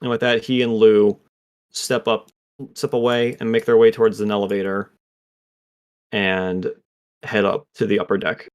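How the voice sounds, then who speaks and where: A tired man narrating a tabletop game as game master, relaxed with many fillers. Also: fairly low pitch, moderate pace, pauses often, clear, resonant tone.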